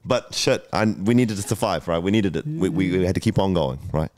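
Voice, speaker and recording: A man's voice: deep voice, expressive, brisk, a little mellow, dry recording, studio quality. A man, a guest telling a candid personal story, emotional, swearing often and using many fillers. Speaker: guest entrepreneur.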